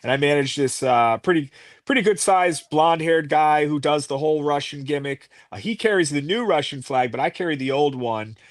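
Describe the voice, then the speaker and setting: With a fairly high pitch and a moderate pace, a middle-aged American man chats his way through wrestling tales as an interview guest, his anecdotes loose and filler-heavy. The studio sound is clean, with no room tone.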